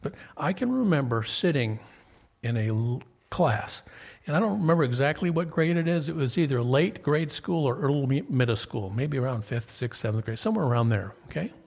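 A man in his fifties preaching, his voice gravelly with a husky edge at an ordinary pitch. He tells stories to the congregation in a conversational way, often pausing to ask "okay?" to check they follow. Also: animated, darkish tone. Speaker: pastor. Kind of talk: sermon.

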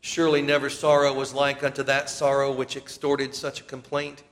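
A man's voice: medium pitch, monotone, normal speed, fairly bright tone, long reverb tail. A man preaching a sermon, reading scripture aloud and lifting his voice for the emphasized passages. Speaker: pastor.

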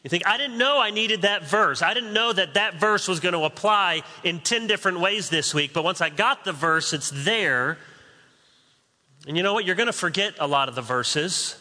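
A man preaching to his congregation in a relaxed, conversational way, slipping in humorous asides. His voice sits a little high and is strikingly bright and forceful. A long reverb from the large sanctuary trails every phrase. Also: normal speed. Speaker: pastor. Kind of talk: sermon.

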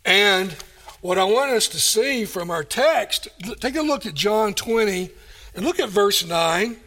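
A man's voice: sits high, animated, measured pace, sharp tone. A man preaching a sermon, emphatic and full of rhetorical questions. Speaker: pastor.

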